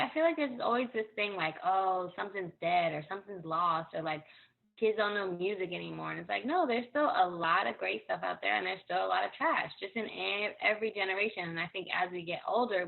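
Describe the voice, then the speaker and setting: A woman co-hosting a casual chat, giving relaxed, matter-of-fact opinions over a tinny, phone-like line. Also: medium pitch, fairly quick, vocal fry. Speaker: podcast co-host.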